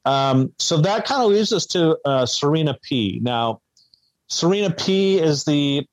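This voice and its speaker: A man co-hosting a podcast in casual chat, recapping in a relaxed, hesitant way. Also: fairly high pitch, unhurried, no echo, rough recording. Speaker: podcast co-host.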